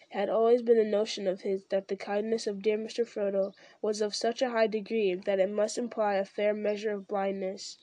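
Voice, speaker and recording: A woman narrating a story in a measured, even audiobook reading. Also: medium pitch, no room sound. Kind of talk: scripted narration.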